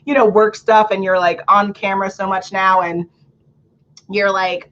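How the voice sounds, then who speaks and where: A woman's voice: mid-range voice, moderate pace, muffled recording. A woman hosting an online book club, talking casually and energetically about public speaking, with lots of fillers and frequent laughter. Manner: lively, chatty, laughs often, many "like" fillers. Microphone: home computer or camera setup.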